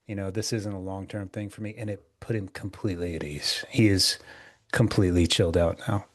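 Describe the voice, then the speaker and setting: Relaxed sweary podcast guy. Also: sits low, brisk, no echo, clean studio sound. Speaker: podcast co-host. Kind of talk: casual chat.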